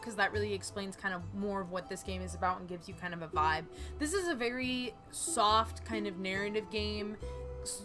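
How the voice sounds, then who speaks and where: A woman hosting a gaming channel, chatting casually as she plays and often exclaiming and talking back to the game. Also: medium pitch. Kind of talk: casual let's-play commentary.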